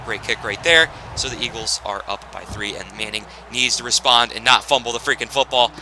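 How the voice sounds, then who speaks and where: A young man narrating a football video game in casual play-by-play style, getting excitable on big plays. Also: on the low side, a little fast, slight background noise. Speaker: gaming channel host.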